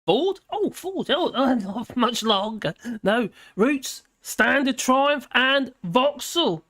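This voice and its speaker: In a clean, echo-free studio recording, a British host in their fifties takes it slowly with a mid-range, sharp-toned voice. They ramble through a casual live-stream commentary, reading notes, laughing and wandering onto tangents.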